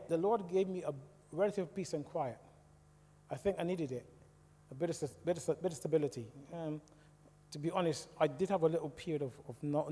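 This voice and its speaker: A middle-aged man with a British English accent giving a personal testimony talk in a church, telling his story in a lively way and asking the audience questions. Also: fairly high pitch. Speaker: church speaker. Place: church hall. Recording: echoey church hall reverb.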